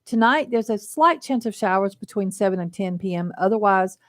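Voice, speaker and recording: A woman co-hosting a local radio show, reading the weather and chatting casually, with lots of quick agreeing interjections. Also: medium pitch, lively intonation, dry recording, clean studio sound. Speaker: radio co-host doing the weather. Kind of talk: weather report and casual banter. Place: radio studio.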